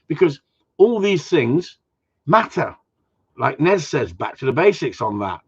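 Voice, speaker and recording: A man's voice: fairly high pitch, very animated, unhurried, breathy edge. A man who trains gundogs, answering viewer questions in a blunt, rambling way with casual swearing. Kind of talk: casual Q and A chat. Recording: dull lo-fi sound.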